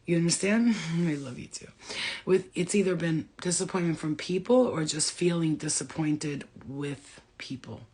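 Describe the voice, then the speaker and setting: A woman's voice: sits low, moderate pace, a little mellow, slightly rough. A woman giving a casual spiritual reading to viewers, rambling off on tangents, laughing and swearing freely. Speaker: spiritual reader.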